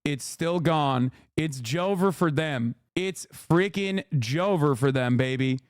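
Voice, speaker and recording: A man streams political reactions, ranting with profane, fired-up energy. His voice sits high, with a smooth, clear tone. The sound is dry and close. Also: slow, dry recording. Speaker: streamer host. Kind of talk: live political reaction commentary.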